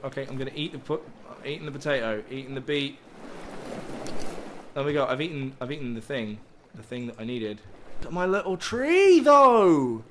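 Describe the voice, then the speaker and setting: Playing a survival game, this gaming YouTuber delivers let's play commentary full of rambling jokes, free swearing, and startled yelps. His medium-pitched voice has a fairly bright tone, and there's slight background noise.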